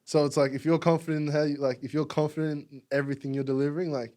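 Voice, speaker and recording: A man's voice: a little high, little pitch movement, racing, darkish tone. A young Australian man from Melbourne, a podcast guest talking casually, rambling with lots of "like" and frequent laughs. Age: young adult. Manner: rambling, heavy use of "like", laughs often. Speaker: podcast guest, music publication founder. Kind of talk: casual conversation.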